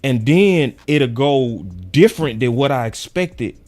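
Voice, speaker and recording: A man's voice: medium pitch, takes it slowly. Slangy man chatting over faint music. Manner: animated, slangy, laughs often, quotes fans in raised voice. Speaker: sports show host. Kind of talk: casual livestream chat.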